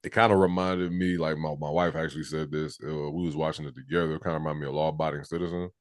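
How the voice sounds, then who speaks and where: A man's voice: fast, no echo, clean studio sound. A man co-hosting a movie review podcast, chatting casually and loosely. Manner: animated, acts out movie scenes in high mimicking voices. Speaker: podcast co-host. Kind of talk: casual chat.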